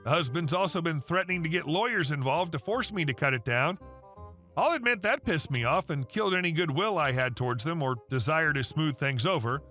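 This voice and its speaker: A man narrating online stories in an even, matter-of-fact way. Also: on the high side, a little fast, soft background music. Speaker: story narrator.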